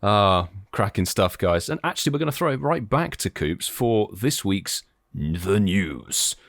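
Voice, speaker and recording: A man's voice: fairly low pitch, sing-song, unhurried, fairly bright tone, dry recording, clean studio sound. A man co-hosting a podcast, laid-back in casual banter and handing over segments. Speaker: podcast co-host.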